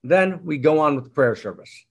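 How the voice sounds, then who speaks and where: Male spiritual teacher, sermon storytelling; husky, fairly high voice, lively pitch. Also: moderate pace. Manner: expressive, wry, intimate.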